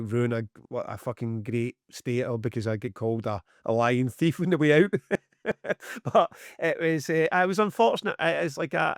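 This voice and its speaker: Here a Scottish man in middle age, co-host of a podcast and a music promoter, swears freely as he acts out both parts of a conversation in an animated, chatty story. The voice is mid-range, clear and resonant with vocal fry, captured in the studio without any room sound.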